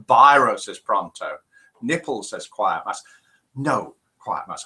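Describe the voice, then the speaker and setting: A man's voice: fairly low pitch, very animated, slow, sharp tone. A man hosting a casual live stream, chatting and reading out viewer messages. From England. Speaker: live show host.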